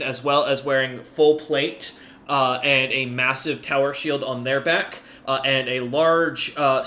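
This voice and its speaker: A man narrating as game master of a tabletop game, pausing often with ums and uhs. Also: on the high side, sharp tone, roomy sound. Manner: halting, full of ums and uhs.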